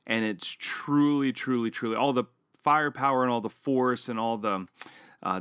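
Casting note: male podcast co-host, 30s-40s, lowish voice, storyteller, dry close mic. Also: a bit bright, no echo. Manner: storytelling, acts out his own past lines with rising pitch. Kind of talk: casual podcast conversation.

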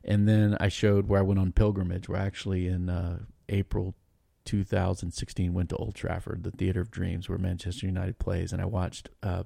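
A man talking as a podcast guest, telling stories in a rambling, animated way with lots of restarts. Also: sits low, vocal fry, dry recording, studio quality. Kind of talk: casual storytelling chat.

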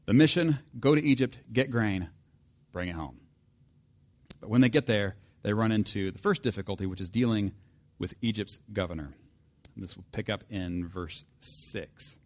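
Speaking in a lowish, slightly mellow voice at a normal speed, this male pastor gives a conversational sermon, reading scripture aloud and often posing rhetorical questions to his listeners.

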